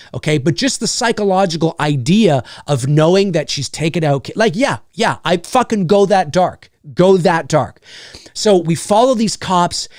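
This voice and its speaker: A man co-hosting a podcast, talking casually and swearing freely as he pitches a story idea. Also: dry recording, clean studio sound. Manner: profane, animated storytelling with many fillers. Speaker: podcast co-host.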